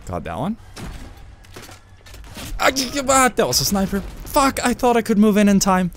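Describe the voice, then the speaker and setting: A young man giving excitable live gameplay commentary, with loud outbursts and swearing. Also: sits high, moderate pace, a little hiss or hum. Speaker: gamer streamer.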